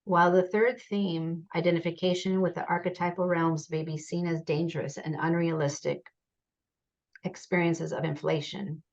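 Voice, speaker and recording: A woman giving a measured academic presentation over a video call, reading participants' quotes aloud. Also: on the low side, level tone. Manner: measured, reads quotations aloud. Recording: dull lo-fi video call audio.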